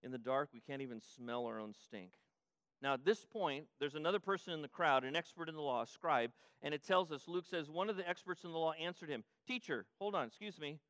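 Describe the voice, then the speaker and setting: An older male pastor delivering a sermon in a fairly high voice. He preaches emphatically, repeating phrases, restarting mid-thought and swelling to loud peaks. The recording is close and dry. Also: a little fast, clean tone, no echo.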